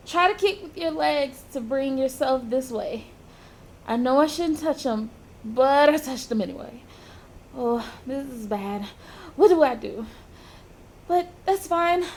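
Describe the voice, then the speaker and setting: A woman's voice: sits high, pitched above the performer's own voice. A woman voicing a frantic teenage girl calling for help in an anxious, urgent, raised voice.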